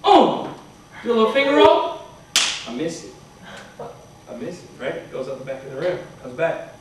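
High-voiced man telling a story in a hall. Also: huge pitch swings, normal speed, pauses often, noisy background. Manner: chatty, asks "right?" often. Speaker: motivational speaker. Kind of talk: storytelling talk to students. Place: university hall. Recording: echoey hall from far off.

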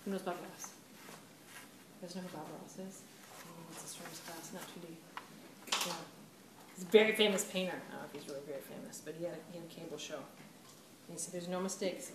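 A woman art teacher giving a casual, chatty clay demonstration to a class, laughing at her own mistakes. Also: fairly low pitch. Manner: chatty, self-deprecating, laughs often. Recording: roomy, distant camera mic with background noise.

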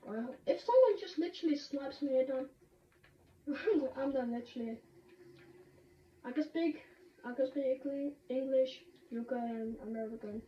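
A woman streaming a game, chatting excitably with sudden shouts and laughs. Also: high-pitched, normal speed, long pauses. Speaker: gamer streaming a match. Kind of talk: excited gaming commentary. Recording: roomy, distant, dull lo-fi sound with faint noise.

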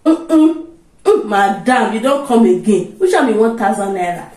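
A woman's voice: fairly high pitch, very animated, normal speed, a little mellow. Casting: a woman playing a stubborn haggling market customer, recorded in a roomy space from a distance. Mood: sceptical. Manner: sceptical haggling in Pidgin.

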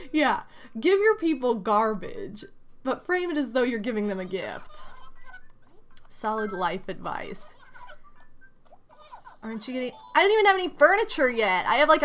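Bright-voiced woman streamer, slow-talking. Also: a little high. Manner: reads villager lines aloud, bursts into loud exasperated outcries. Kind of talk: casual gameplay commentary.

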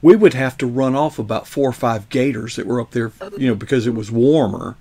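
Brisk and mid-range, his voice gravelly and mellow with a breathy edge, the interview host reminisces at length about growing up, drifting from one childhood story to the next in casual conversation.

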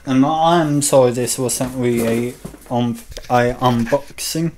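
A man's voice: mid-range voice, measured pace, a little mellow, a little hiss or hum, poor audio. A British man filming a casual home vlog on a handheld camera, rambling and hesitant with lots of ums. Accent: British English. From Britain. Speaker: vlogger reviewing a coffee machine.

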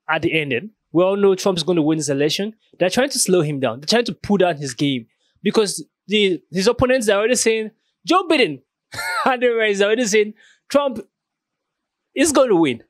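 A man with a fairly high voice reacting to a clip and summing it up, stacking repeated "very"s for emphasis. The sound is dry and close, with no room around it. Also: no echo. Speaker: reaction channel host. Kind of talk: casual reaction and summary.

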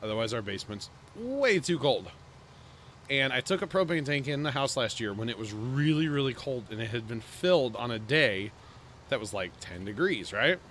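A man hosts a gaming livestream, talking in a loose, rambling way as he chats with friends and thanks his viewers. His voice sits at an ordinary middle pitch. A faint hiss runs underneath. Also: big pitch swings, normal speed, fairly bright tone. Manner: rambling, chatty, thanks subscribers. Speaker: streamer host. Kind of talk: casual livestream chat.

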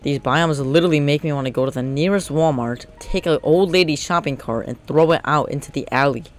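A young man commentating his game as he plays, excitable and joking, taunting the creatures he fights. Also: fairly high pitch, fairly quick, faint music behind. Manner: excitable, joking, talks to mobs. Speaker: gamer. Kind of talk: let's play commentary.

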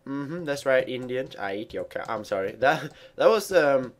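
A man's voice: medium pitch, expressive, moderate pace. Rambling self-mocking gamer guy. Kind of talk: casual let's play commentary.

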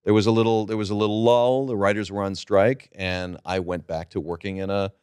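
A middle-aged man, a guest actor, telling stories from his career in a relaxed interview chat. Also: on the low side, fairly quick, clear, resonant tone, no room sound, clean studio sound.

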